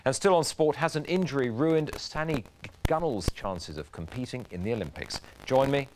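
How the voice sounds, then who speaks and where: A man reading the afternoon news headlines in a measured, formal way. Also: medium pitch, animated, background noise. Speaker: newsreader.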